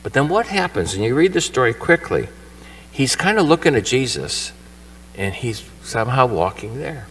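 A man's voice: mid-range voice, sing-song, normal speed, fairly bright tone, slightly rough. A male priest giving a homily at Mass in a church, telling the story conversationally and acting out the characters' lines with energy. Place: church shrine. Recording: voice from far off the mic.

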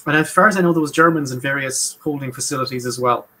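A man's voice: medium pitch, fast, pushed and bright, low-quality recording. A man co-hosting a casual history podcast, making sarcastic, joking asides. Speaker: podcast co-host.

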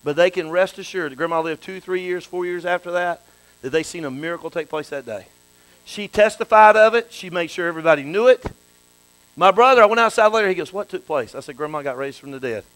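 Preacher man, high ringing smooth voice, hushed one sec then shouting praise, hum in the background. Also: fast talker, dry recording, low-quality recording. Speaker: bishop. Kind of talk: sermon.

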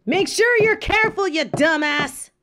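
A woman's voice: on the high side, big pitch swings, takes it slowly, a little mellow, slight background noise, exaggerated voice. A woman voicing a mafia boss girlfriend in a romantic audio drama, affectionate and teasing, laughing often. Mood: playful. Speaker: voice actor in a listener audio drama. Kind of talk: romantic audio role-play.

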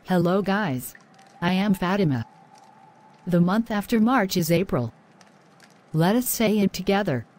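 A woman playing a patient teacher character who speaks slowly and clearly in a scripted English lesson. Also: medium pitch, expressive, a little mellow. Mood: encouraging. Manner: slow, clear, encouraging.

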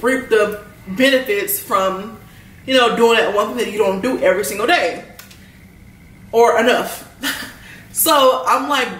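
Young woman, AAVE, animated rambling vlog storytime, roomy sound, mic a bit far. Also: a little high, measured pace, pauses often, a little hiss or hum. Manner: animated, rambling, lots of "like" and slang. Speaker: vlogger. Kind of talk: storytime while eating.

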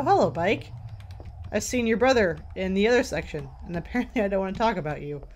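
A woman's voice: medium pitch, darkish tone, slight background noise. A woman commentating a horror game as she plays, a little tired, jumpy and swearing as she jokes to herself. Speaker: let's play gamer.

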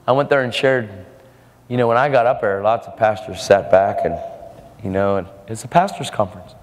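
A man's voice: on the low side, fairly quick. A man preaching a storytelling sermon in an earnest, casual way, often repeating his words. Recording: echoey hall with faint music.

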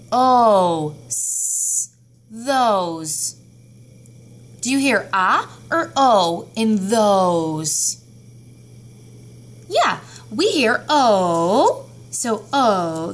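A woman teaching a children's phonics lesson, patiently sounding out each letter and word. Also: mid-range voice. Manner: slow, patient, sounding out words.

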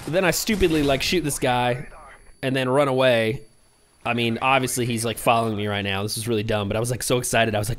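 A man's voice: mid-range voice, quick pace, a little hiss or hum. A young man giving casual, rambling commentary over his video game play, hyper and easily distracted. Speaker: gaming commentator.

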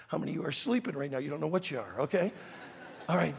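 An older man preaching to a youth conference in a large auditorium, emphatic and shouting his key words. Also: fairly high pitch, big pitch swings, normal speed, vocal fry, long pauses, a little hiss or hum. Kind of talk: sermon. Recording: long reverb in a large hall.

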